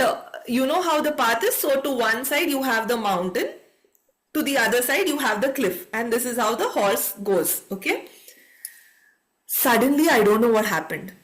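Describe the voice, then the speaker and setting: A woman's voice: on the high side, fairly bright tone. A woman telling a personal story on a video call, acting out her own thoughts.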